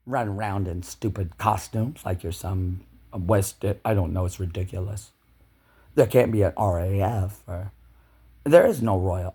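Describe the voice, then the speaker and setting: A man delivering an angry, swearing monologue to camera, ranting with loud shouted bursts. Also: low-pitched, measured pace, husky. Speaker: video blogger.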